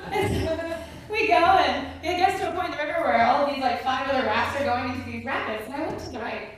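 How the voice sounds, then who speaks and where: A woman's voice: high-pitched, fast talker. A woman telling a funny personal story on stage, chatty and giggly with lots of fillers. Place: stage at a live storytelling event. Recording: echoey hall, distant mic, background noise.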